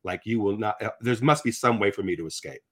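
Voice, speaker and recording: A man in his sixties telling his conversion story in conversation, animated, acting out quotes as he talks. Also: fairly low pitch, quick pace, slightly rough. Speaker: guest sharing his testimony. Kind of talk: conversational faith testimony.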